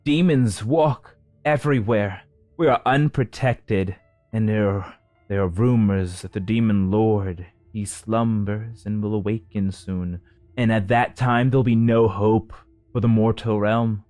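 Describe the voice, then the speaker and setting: A man's voice: lowish voice, steady tone, measured pace, a little mellow, no echo, soft background music, lightly acted. Gaia, a man putting on a commanding council leader woman. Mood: rallying. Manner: proclaiming, rallying a crowd.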